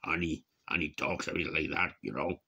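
A man's voice: extremely low pitch, steady tone, moderate pace, gravelly, sharp tone, slightly rough. A man talking casually and wryly to his camera in a rambling vlog monologue. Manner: chatty, wry, given to chuckling asides. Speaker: vlogger.

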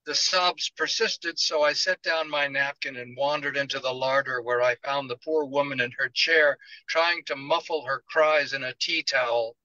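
Man, author reading his own novel, first-person narration, measured storytelling, very bright tone, dry dull lo-fi sound. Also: medium pitch, fairly even intonation, no echo.

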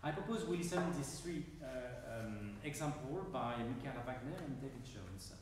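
A man with a French accent giving an academic lecture on music, speaking carefully and haltingly while pointing to score examples. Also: medium pitch, animated, a little hiss or hum. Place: large lecture hall. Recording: echoey hall, mic far off.

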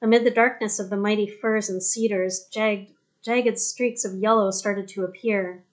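A woman narrating an audiobook in a steady, even storytelling manner. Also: medium pitch, normal speed. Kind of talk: scripted narration.

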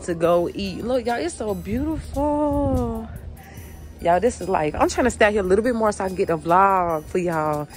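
A woman talks straight to her viewers, excited and chatty while she shivers in the cold. She is outdoors in falling snow and filming on a handheld phone. Faint music plays underneath. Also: medium pitch, normal speed. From Georgia, USA. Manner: excited, chatty, keeps addressing viewers as y'all. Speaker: family vlogger. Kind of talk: casual chat to camera.

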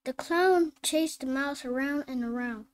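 A woman reading phonics drills and simple sentences aloud, slow and deliberate, word by word. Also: high voice. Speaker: phonics teacher.

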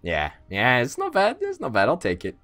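A man's voice: medium pitch, huge pitch swings, moderate pace, music in the background. A man hosting a let's play, bantering casually and swearing freely in mock outrage on a voice call.

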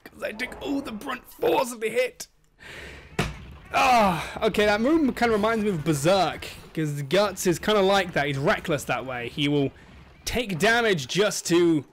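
A young man giving casual, excitable commentary over his own gameplay, yelping and laughing at the game. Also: sits high. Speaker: gaming channel host.

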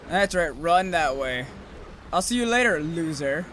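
A young man commentating his own gameplay, rambling to himself and cursing loudly at the monsters. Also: on the high side, animated, a little slow, slight background noise. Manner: profane, rambling, yells at monsters.

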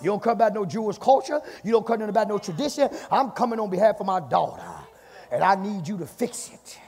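A male pastor preaching a fiery sermon, punctuating lines with "my God" and swinging between shouts and hushed passages. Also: sits high, animated, fast talker, husky, long reverb tail. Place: church sanctuary.

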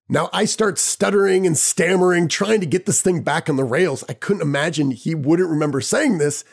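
A podcast host telling a personal anecdote in a lively, casual way, chuckling now and then. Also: male voice, a little high, moderate pace, creaky, hardly any pauses, breathy edge. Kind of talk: personal storytelling.

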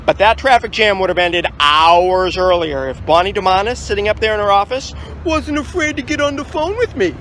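A defiant male activist with a fairly high voice, speaking in a sardonic, preachy way as he films his own protest. He talks outdoors beside a city building, and faint street noise hums in the background. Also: expressive, brisk, hardly any pauses, fairly bright tone, low-quality recording. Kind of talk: self-filmed protest documentary.

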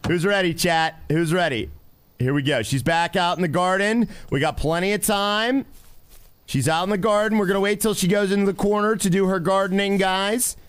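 Male game streamer, upbeat and chatty with viewers, slightly high voice. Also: moderate pace, clear, resonant tone. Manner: excitable, talks to chat constantly. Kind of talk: live gameplay commentary.

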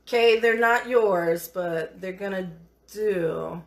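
A middle-aged woman hosts a live cooking show in an unhurried, drawn-out way. She encourages her viewers with a preachy warmth and keeps calling them honey. Her pitch sits at an everyday middle height for a woman. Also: a little hiss or hum.

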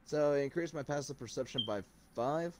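A man's voice: a little high, fairly quick, background noise. A young man playing in a tabletop game, explaining in a rambling, hesitant way. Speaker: player. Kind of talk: casual tabletop play.

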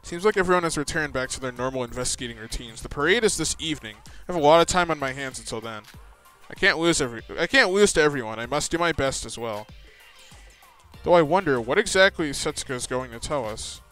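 Earnest young schoolgirl detective read by a man, bright-toned and lively in pitch, faint game music under it. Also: fast talker, rough recording. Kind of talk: reading game dialogue aloud.

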